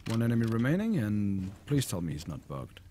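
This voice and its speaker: A man talking casually over his gameplay, loose and rambling with plenty of fillers. His voice is low but swings widely in pitch. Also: wildly swooping pitch, a little fast, mellow. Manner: laid-back, rambling, with fillers. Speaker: gamer commentator.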